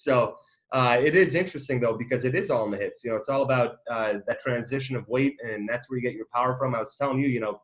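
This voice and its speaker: A man's voice: mid-range voice, fast talker, a bit bright. A man hosting an interview, asking long, wandering questions with many fillers in a friendly, casual way. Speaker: interview host, company co-founder.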